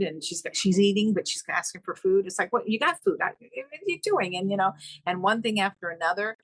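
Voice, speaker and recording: Middle-aged woman, podcast guest, low voice, dry, animated storyteller. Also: dry recording, low-quality recording. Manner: animated, acts out quoted dialogue with pitch leaps. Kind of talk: emotional storytelling in conversation.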